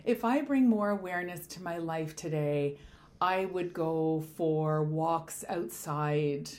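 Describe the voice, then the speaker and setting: A woman with a deep, low-pitched voice co-hosts a casual podcast. She is playful and enthusiastic and chimes in often with quick reactions. Her delivery is warm in tone and conversational. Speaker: podcast co-host.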